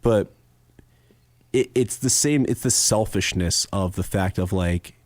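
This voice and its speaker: Unhurried and fairly low-pitched, the young man hosting this podcast chats casually and tells a story, animatedly performing the voices in its many quotes. The recording has no echo.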